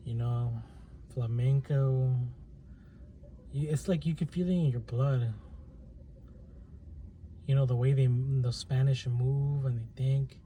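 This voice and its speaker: A channel host talks to camera in a casual, rambling monologue, hesitant and full of restarts and fillers. His voice is medium-pitched with a dark tone, and faint plane and traffic noise sits in the background.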